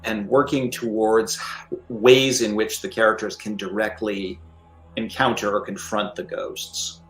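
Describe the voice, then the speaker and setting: A man with a lowish voice talks through tabletop design on a live stream, slow and thoughtful, peppering his points with "you know." His voice rings in an echoey room, with faint music underneath. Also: flat delivery, a bit bright. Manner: measured, many "you know" fillers. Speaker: line developer and game designer.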